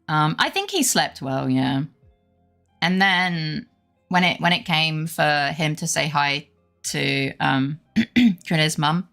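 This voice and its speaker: A young woman streams while chatting casually, greeting her chat and rambling fondly about her dog, switching to a baby-talk voice when she addresses it. Her voice is deep and a bit bright, and faint music plays in the background.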